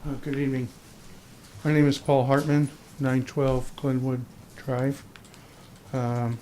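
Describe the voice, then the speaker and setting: A man who is an architect giving a brief, measured, formal public comment at a city council meeting. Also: medium pitch, darkish tone, poor audio. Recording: faint room noise.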